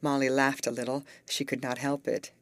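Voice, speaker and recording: A woman narrating a graded English story for learners, reading slowly, clearly and evenly. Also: extremely low pitch, little pitch movement, dry recording.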